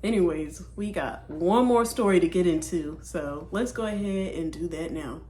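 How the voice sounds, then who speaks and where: A woman's voice: on the low side, normal speed. A woman hosts a reaction video in a casual, chatty way, addressing her viewers directly. Her voice has a roomy echo with faint noise behind it. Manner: chatty, talks straight to viewers. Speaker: host reacting to clips. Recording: echoey room with faint noise.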